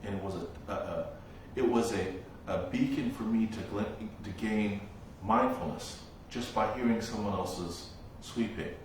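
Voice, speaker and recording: A man giving a dharma talk as a Buddhist monk teacher, telling stories slowly and reflectively with long pauses. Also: lowish voice, slight background noise. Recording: very echoey room, voice from far off.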